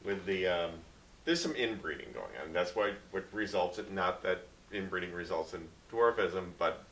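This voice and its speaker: A man's voice: low-pitched, animated, moderate pace, vocal fry, slight background noise. Man rambling in an echoey room. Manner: rambling, thinks out loud. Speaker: film review podcast co-host. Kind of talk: casual chat. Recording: echoey room, distant mic.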